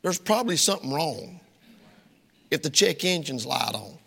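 Gravelly preacher in a reverberant hall. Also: male voice, a little high, very animated, moderate pace. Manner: folksy, emphatic, swings between shouting and hushed. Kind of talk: sermon. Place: church sanctuary.

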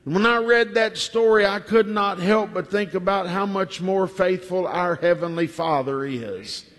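A man preaching a sermon before communion, telling a story slowly and deliberately, with emphatic repetition. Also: high voice, fairly bright tone. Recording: long hall reverb.

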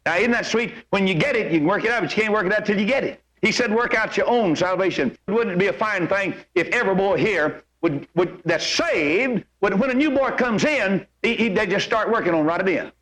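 A high-voiced man preaching in a drawl, telling homespun stories. He leaps up and down in pitch as he acts out each character. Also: animated, fairly quick, few pauses, a bit bright, low-quality recording. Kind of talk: folksy sermon with storytelling.

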